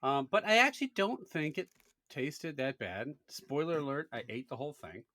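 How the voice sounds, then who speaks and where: Lively, very bright-voiced joking man. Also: on the high side, moderate pace, no room sound, clean studio sound. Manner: jokey, giggly banter. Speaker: podcast co-host. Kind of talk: casual chat.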